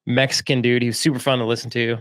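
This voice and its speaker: A laid-back man telling a story on a business podcast, chatty and loose, with filler words throughout. His voice sits at an ordinary pitch, recorded close and dry with no room sound. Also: fast talker, no echo. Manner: relaxed, chatty, lots of "like" and "right?". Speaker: podcast host. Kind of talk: casual storytelling. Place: lives in Florida.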